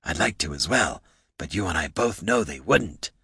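A man doing Bert, a raspy wisecracking kobold. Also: sits low, animated, bright, forceful tone, dry recording, clean studio sound, full character voice. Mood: musing. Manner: rapid wisecracking street talk, defensive. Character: raspy fast-talking male kobold purse performer, touchy.

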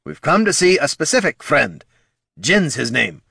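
A man doing a gruff dwarf warrior. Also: fairly high pitch, big pitch swings, measured pace, bright, forceful tone, no room sound, clean studio sound, pitched above the performer's own voice, exaggerated voice. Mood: blunt. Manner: growling, blunt and sarcastic. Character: gruff battle-hardened male dwarf warrior.

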